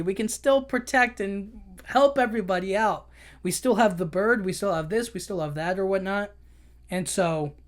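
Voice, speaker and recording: Male podcast host, casual talky recap, stumbles and restarts, throws in quick character voices. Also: sits high. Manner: rambling, loose retelling with many restarts and fillers; acts out characters' lines in quick bursts.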